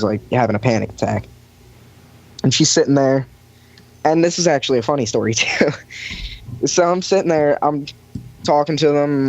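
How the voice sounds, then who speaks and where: In casual podcast chat, a young man tells a long, filler-heavy story about working as a lifeguard, acting out what people said. His mid-range voice has a darkish tone, and the recording is dry, dull and lo-fi.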